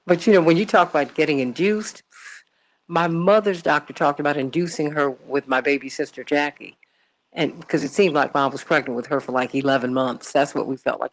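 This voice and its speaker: A woman hosting a morning talk radio show from a studio, chatty and exclamatory, often repeating her words. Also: low-pitched.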